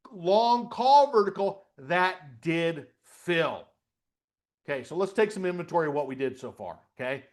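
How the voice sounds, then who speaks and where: High-voiced animated male trading coach. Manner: animated, repeats "okay?" and asks questions out loud. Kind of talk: live webinar instruction.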